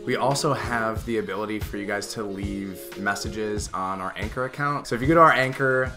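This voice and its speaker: Low-voiced Chicago man over guitar music. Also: fairly quick. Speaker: podcast co-host. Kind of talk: casual podcast chat.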